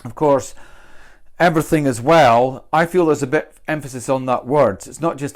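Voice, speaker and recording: A man's voice: medium pitch, normal speed. A man from Britain teaching English pronunciation, thinking aloud and repeating example sentences with different stress. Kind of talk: explanatory lesson.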